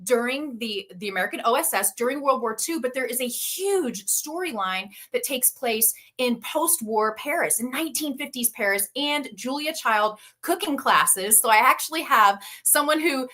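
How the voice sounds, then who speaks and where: Bright, laughing woman author on a video call. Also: high-pitched, lively intonation, normal speed, few pauses. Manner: enthusiastic, laughs often. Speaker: guest author. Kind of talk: casual interview chat.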